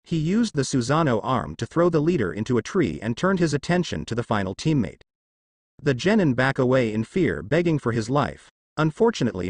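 A man narrating a fanfiction story in a steady storytelling manner. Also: mid-range voice, no echo. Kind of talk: fanfiction reading.

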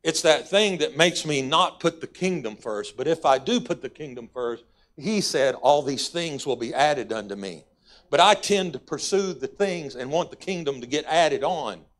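A man's voice: on the high side, expressive, moderate pace, a bit bright. A man with a Texas accent, a guest pastor preaching a folksy, conversational sermon in a church. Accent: Texan. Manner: folksy, conversational preaching with sudden emphatic rises.

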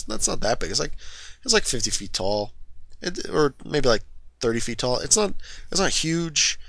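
A man's voice: mid-range voice, bright, forceful tone, dry recording. A man casually retelling a movie's plot, rambling and correcting himself, full of fillers. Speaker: film reviewer.

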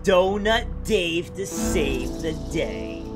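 A man's voice: high voice, animated, extremely slow, over loud music, voice pushed down, full character voice. A man voicing a confident, hammy, heroic male policeman in game dialogue. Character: upbeat heroic male policeman, middle-aged.

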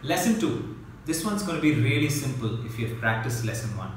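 A man teaching beginner drum strokes in a slow, patient way, counting beats aloud and demonstrating. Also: medium pitch, sing-song. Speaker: mridangam teacher. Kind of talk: instructional lesson. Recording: very echoey room, mic at a distance, loud noise.

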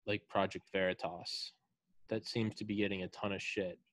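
A man's voice: sits low, flat delivery, moderate pace, fairly bright tone, dry recording. A man hosting a podcast interview in casual, joking, profane chat. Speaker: podcast host.

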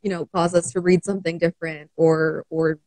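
A Canadian woman coach chatting on a live show, laughing easily and often. Her voice is mellow and relaxed, and the sound is close and dry with no room echo. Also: lowish voice, brisk. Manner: warm, laughs often, many fillers. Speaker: mental wellness coach. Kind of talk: casual live-stream chat.

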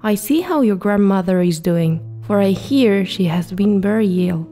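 A woman voicing a caring mother giving her daughter an errand, in a gentle storybook reading. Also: medium pitch, animated, moderate pace, big-room sound, faint music behind, lightly acted.

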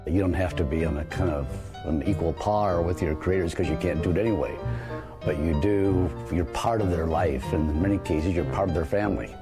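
A man in a documentary interview, speaking haltingly and searching for words as he talks about working with cartoonists. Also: sits low, music in the background.

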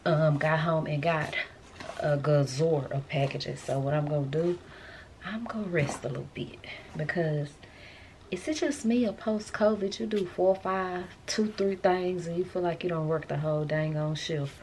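A woman's voice: sits low, moderate pace, darkish tone, slight background noise. A woman vlogging in a casual, chatty way, speaking straight to her viewers with lots of slang and energy as she goes about her errands and then talks from home. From Texas.

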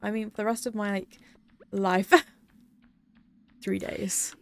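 Gravelly-voiced woman streaming games. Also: medium pitch, fairly even intonation, slow pace. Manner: rambling, giggly, talks to chat between game remarks. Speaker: game streamer. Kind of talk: casual live-stream chat while gaming.

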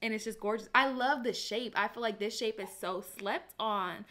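A woman's voice: fairly high pitch, moderate pace, a bit bright. A young woman talking casually to her viewers in a vlog, chatty and playful, often calling them y'all. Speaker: lifestyle vlogger. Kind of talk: casual vlog chat to camera.

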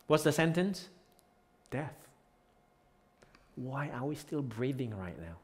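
A man's voice: fairly low pitch, animated, takes it slowly, pauses often. Impassioned male pastor in a reverberant hall. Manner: impassioned, swinging from quiet to loud emphatic peaks. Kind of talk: sermon. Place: church sanctuary.

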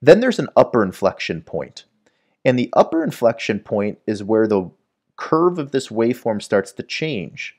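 Low-voiced man explaining at a whiteboard. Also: very animated, moderate pace, a little mellow. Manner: explanatory, checks in with "right?". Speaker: medical educator. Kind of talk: whiteboard lecture.

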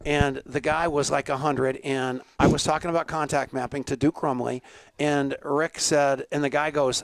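A man's voice: on the high side, steady tone, moderate pace, creaky, dry recording. A man hosting a talk show, joking, laughing often and telling stories in casual banter. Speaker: show host.

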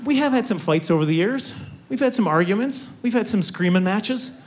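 A middle-aged man performs stand-up comedy on stage with a playful, animated delivery. His voice sits high and swings widely in pitch. Audience noise runs beneath him. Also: fairly quick. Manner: animated, playful, breaks into laughter.

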